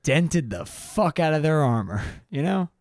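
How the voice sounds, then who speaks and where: A man's voice: fairly high pitch, big pitch swings, unhurried, a little mellow, dry recording, clean studio sound. A man co-hosting a podcast, telling a local legend in a rambling, teasing way. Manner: rambling, teasing, many fillers and restarts. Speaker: podcast co-host. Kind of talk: casual podcast storytelling.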